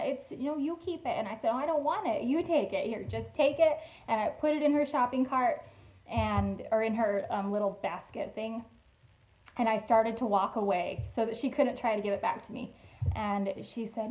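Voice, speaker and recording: Woman, vlogger, casual storytime chat, slightly high voice, animated quoted dialogue. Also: moderate pace, low-quality recording.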